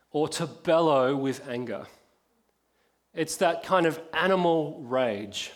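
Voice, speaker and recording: A man preaching a sermon, impassioned, dropping to a hush and then rising to emphatic force. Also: on the high side. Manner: impassioned, swings from hushed to emphatic.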